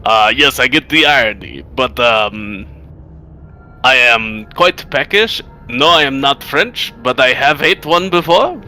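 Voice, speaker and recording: A man's voice: medium pitch, animated, unhurried, sharp tone. A man voicing a hungry male undead skeleton chef who speaks politely while eyeing people as meals. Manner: politely menacing, talks of eating people.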